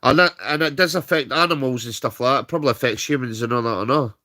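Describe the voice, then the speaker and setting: British man, livestream rant, heated, swears a lot, mid-pitched voice. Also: fast, sharp tone. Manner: heated, swearing, repeats "right?". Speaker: streamer.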